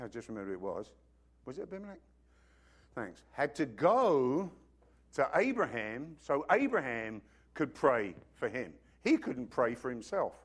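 A man's voice: mid-range voice, slightly rough. A man preaching a sermon in a conversational way, acting out little scenes and dropping joking asides to the congregation.

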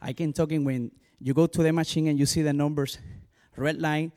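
A male pastor with a strong Spanish accent and Spanish as his first language, giving an animated personal testimony full of "you know" asides. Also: fairly high pitch, fairly quick.

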